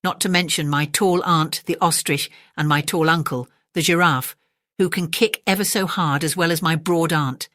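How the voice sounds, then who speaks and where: A woman's voice: low voice, steady tone, moderate pace, a bit bright, dry recording, clean studio sound. A woman doing a polite little elephant calf. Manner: very polite, earnest, wordy. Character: polite curious young male elephant calf.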